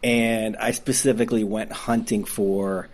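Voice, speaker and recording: Low-voiced Midwestern documentary filmmaker. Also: male voice, little pitch movement, measured pace. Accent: Midwestern American. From Detroit, Michigan. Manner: enthusiastic, rambling, frequent restarts and laughs. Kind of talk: casual interview conversation.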